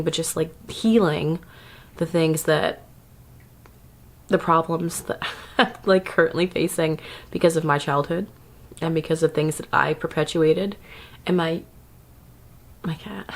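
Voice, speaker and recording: A chatty woman vlogger talking straight to camera about self-care, with a slightly low voice. She laughs a lot and drifts into little asides as she goes. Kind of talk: casual advice talk to camera.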